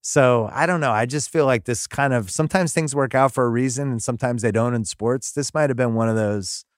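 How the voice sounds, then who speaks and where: A man hosting a sports podcast, talking in a rambling, excitable way and breaking into laughs. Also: medium pitch, brisk, no echo, studio quality. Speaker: podcast host. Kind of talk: casual sports chat.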